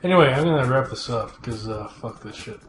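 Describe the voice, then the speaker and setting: A man's voice: medium pitch, expressive, brisk, a little hiss or hum. A man chatting casually while playing a game, dry and sarcastic, grumbling and swearing casually. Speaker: co-host of a retro gaming show. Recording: echoey room.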